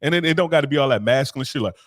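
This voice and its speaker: A man co-hosting a casual podcast, chatting in an animated way and acting out the voices he quotes. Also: medium pitch, very fast, no room sound, studio quality. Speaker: podcast co-host. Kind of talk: casual chat.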